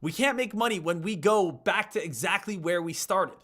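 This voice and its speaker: A man commentating on his live trading session, calling out to viewers in an energetic, chatty way. His voice is high for a man and bright, with a forceful edge. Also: normal speed. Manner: energetic, talks straight to viewers as "guys". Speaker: live stock trading streamer.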